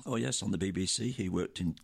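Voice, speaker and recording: A man's voice: low voice, quick pace, gravelly, slightly rough. An older man, co-hosting a nostalgic chat and chuckling often. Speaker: co-host.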